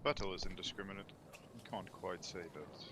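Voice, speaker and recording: A man playing a tabletop game over voice chat, calmly explaining what his character does. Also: low voice, brisk, background noise. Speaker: player. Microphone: computer mic on voice chat.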